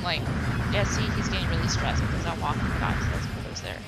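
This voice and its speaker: A woman's voice: on the low side, brisk, poor audio. A young woman casually commenting on her own gameplay, chatty and giggly with lots of fillers. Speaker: let's play host. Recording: game music playing behind.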